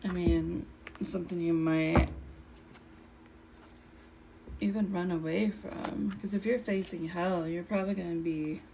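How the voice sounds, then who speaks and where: A woman giving a casual tarot reading in an unhurried, musing way, her voice a little hoarse from just waking up. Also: on the low side, steady tone, heavy background noise. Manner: unhurried, musing, trailing off mid-thought. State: slightly hoarse, just woke up. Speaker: tarot reader.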